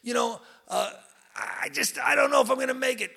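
A man's voice: very high-pitched, brisk, vocal fry, sharp tone, voice pushed up, full character voice. A man voicing a struggling, desperate young newcomer who pleads in a strained way.

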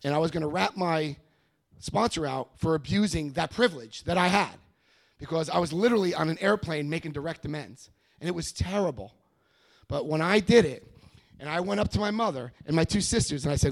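A man's voice: on the high side, fairly quick, vocal fry. A middle-aged American man giving a rambling personal testimony to a meeting, often repeating himself and acting out quoted voices. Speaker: recovery meeting speaker.

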